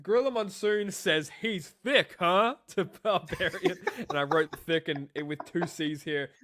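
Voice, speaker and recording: A man's voice: high voice, a little slow, fairly bright tone. A young man co-hosting a wrestling review podcast, rambling and swearing in casual chat. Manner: profane, rambling, jokey. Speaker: podcast co-host.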